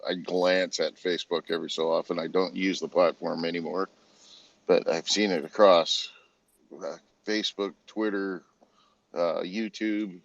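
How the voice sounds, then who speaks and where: A man's voice: sits low, steady tone, measured pace, creaky, no room sound, dull audio. A man in a casual online audio chat, rambling and chuckling as he pieces his thoughts together. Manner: rambling, chuckling, self-correcting.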